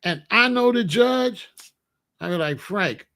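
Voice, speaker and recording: A man's voice: very high voice, a little slow. A man giving casual, slangy commentary, often acting out the people he talks about. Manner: animated, slangy, acts out quoted voices.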